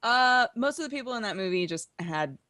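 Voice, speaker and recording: A woman's voice: fairly high pitch, expressive, a little fast, pushed and bright. A woman co-hosting a gaming podcast, enthusiastic and laughing in casual chat. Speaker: podcast co-host.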